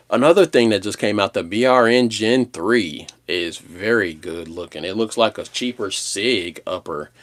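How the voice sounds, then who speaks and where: A man with a fairly low voice talks casually to his livestream viewers. His delivery is slangy and rambling, mostly laid-back but jumping now and then into animated outbursts. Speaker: live streamer.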